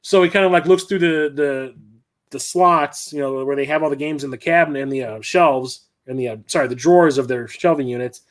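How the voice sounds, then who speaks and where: A man's voice: fairly high pitch, fairly quick. A middle-aged man hosting a livestream, telling stories in a loose, rambling, conversational way. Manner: rambling, conversational storytelling with frequent restarts. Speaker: host. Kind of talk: casual livestream chat.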